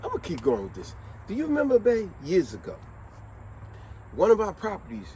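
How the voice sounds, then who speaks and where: Animated high-voiced man telling stories. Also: brisk, slight background noise. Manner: animated storytelling, acts out quotes. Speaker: vlogger host. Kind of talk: casual motivational monologue.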